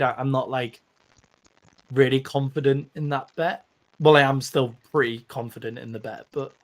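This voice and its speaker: A young British man chats about football picks in an easygoing way. He laughs often and sounds relaxed with his co-host. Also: medium pitch. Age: young adult. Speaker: podcast co-host. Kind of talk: casual sports-betting chat.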